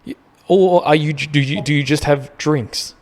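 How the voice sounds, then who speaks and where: A man's voice: fairly high pitch, unhurried. A middle-aged Australian man with an Australian accent, co-hosting a casual podcast and arguing his point in a rambling way. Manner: rambling, argumentative, repeats words. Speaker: podcast co-host. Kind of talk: casual chat.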